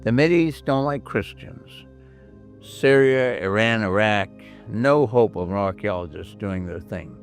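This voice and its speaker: A man's voice: fairly low pitch, a little slow, faint music behind. A man hosting a Bible history talk, telling stories emphatically and acting out the voices of the people he quotes. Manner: emphatic storyteller who acts out quoted voices. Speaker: host.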